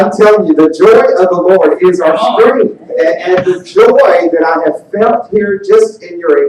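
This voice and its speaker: A high-pitched male evangelist who speaks with an unhurried, deliberate pace and becomes loud and animated. He is heard from a distance in a very echoey church hall, with worship music playing behind him. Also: a little hiss or hum. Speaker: visiting evangelist. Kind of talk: church sermon and worship singing. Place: large church sanctuary. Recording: echoey hall picked up from far off.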